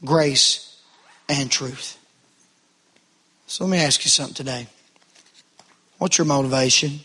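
Bright high-voiced male preacher. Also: husky. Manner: preaching with rising fervor, calls to the congregation. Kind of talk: sermon.

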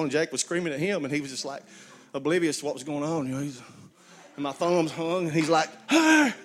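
A man preaching a sermon, folksy storytelling with call-and-response to his congregation. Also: fairly high pitch. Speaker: pastor.

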